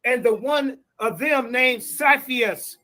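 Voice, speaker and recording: A man's voice: very high-pitched, slow, pushed and bright, rough recording. A man debating over a video call, reading scripture aloud with preachy emphasis.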